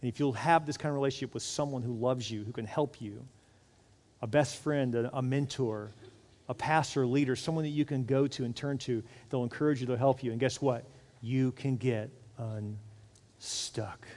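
A man in his forties preaching a sermon as a pastor, animated, acting out the voices he quotes. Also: mid-range voice, moderate pace, long reverb tail.

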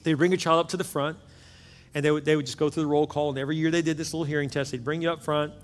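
A man preaching a sermon as pastor, telling a story earnestly and often dropping into soft, hushed passages. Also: fairly high pitch, fairly even intonation, very fast. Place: church sanctuary with several campuses. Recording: long reverb of a large hall with music behind.

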